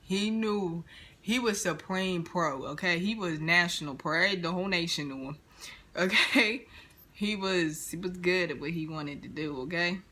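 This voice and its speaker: Bright-voiced woman telling a storytime. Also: fairly low pitch, measured pace. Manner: animated, slangy, dramatic storytelling. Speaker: vlogger. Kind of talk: storytime vlog.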